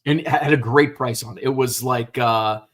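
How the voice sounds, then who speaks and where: A man's voice: mid-range voice, fairly even intonation, moderate pace, fairly bright tone. Casual male stream host, middle-aged, rambly and unpolished, talking into a computer mic. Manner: rambling, many fillers and restarts, swears casually. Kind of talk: casual livestream chat.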